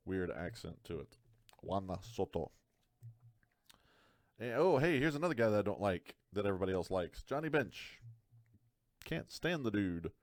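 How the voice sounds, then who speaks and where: A man's voice: lowish voice, no echo. A man hosting a live card break, talking through each card with dry joking asides.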